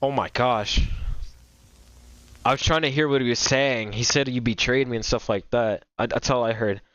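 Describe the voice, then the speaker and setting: A young man reacting to a game and talking to his viewers, stumbling over repeated words and apologizing often. His voice sits in an ordinary middle pitch. The sound comes through a dull, lo-fi home microphone. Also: normal speed, a bit bright, a little hiss or hum. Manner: rambling, repetitive, apologetic. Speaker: gaming streamer. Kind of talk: casual reaction commentary while chatting with viewers.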